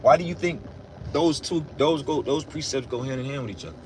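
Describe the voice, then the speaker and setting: Dude preaching blunt and cussing in his car, voice a bit high, faint road hum behind, gets loud on the big points. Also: a little fast. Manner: blunt and profane, with loud emphatic bursts. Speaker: religious commentator. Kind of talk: casual preachy monologue.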